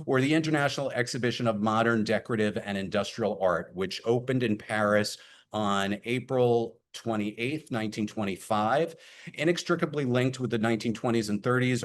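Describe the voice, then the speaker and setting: Halting man presenting a webinar. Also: on the low side. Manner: many filler words, halting. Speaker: program presenter for a preservation group. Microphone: computer mic on a video call.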